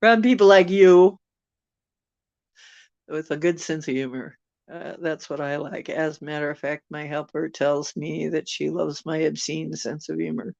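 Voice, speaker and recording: A woman's voice: low-pitched, fairly even intonation, moderate pace, creaky, a little mellow, no echo, dull audio. A woman hosting a casual livestream chat who talks in a jokey, chatty way and laughs easily. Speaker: channel host.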